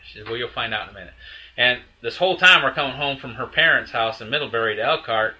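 A man's voice: medium pitch, quick pace, bright, forceful tone, low-quality recording. A man in casual conversation, telling a heated, profane story that rambles with restarts and asides. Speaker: storyteller recounting a breakup.

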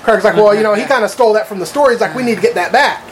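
A man's voice: high-pitched, very fast, slight background noise. A man telling a long story in casual chat, rambling with lots of fillers and swearing. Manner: rambling, profane, full of fillers.

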